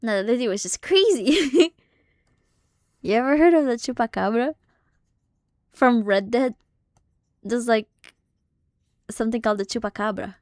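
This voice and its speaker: A young woman streamer telling family stories in casual, swear-heavy chat, animated and laughing often. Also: on the high side, unhurried, pauses often, no echo, clean studio sound. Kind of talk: casual storytelling on a live stream.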